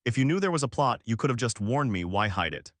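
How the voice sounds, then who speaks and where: A man voicing a proud, guarded young noblewoman heir who speaks softly and awkwardly, in a dry recording. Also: mid-range voice, sing-song, fast talker, no echo, lightly acted. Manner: soft and awkward.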